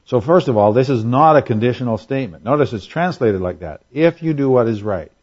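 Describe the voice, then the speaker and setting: A man's voice: mid-range voice, expressive, fairly quick, a little mellow, husky, dull audio. A man preaching a sermon in a conversational way, asking rhetorical questions and acting out quotes for humor. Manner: acts out quotes in voices for humor. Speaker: pastor.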